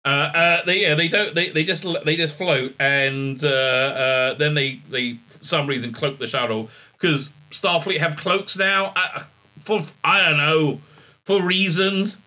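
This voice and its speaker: A man hosting a sarcastic episode recap, mocking and exasperated, full of halting fillers. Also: a little high, fairly even intonation, bright, forceful tone. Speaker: show host reviewing a TV episode.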